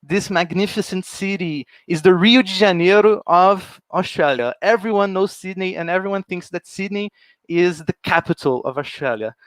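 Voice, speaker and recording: A man's voice: sits high, moderate pace, a bit bright, dry recording. A young man from Brazil, giving a friendly, enthusiastic presentation while walking through slides. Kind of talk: informal presentation.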